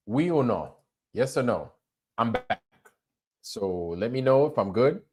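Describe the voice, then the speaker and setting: Casual animated man streaming live. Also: mid-range voice, measured pace, breathy edge. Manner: animated, swearing, lots of filler phrases. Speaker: livestream host. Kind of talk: casual livestream talk.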